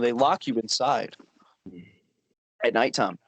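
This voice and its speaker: Young man, podcast co-host, rambling profane storyteller, mid-pitched voice, dry sound. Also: unhurried, no echo. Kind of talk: casual storytelling chat.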